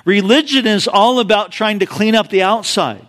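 A man's voice: sits high, normal speed, fairly bright tone. A male pastor preaching a sermon in a conversational, storytelling way with frequent casual asides.

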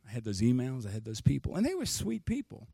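A man's voice: mid-range voice, wildly swooping pitch, quick pace, gravelly, warm tone, husky, dry recording, studio quality. A man preaching a sermon as a pastor, telling a personal story candidly with self-deprecating jokes.

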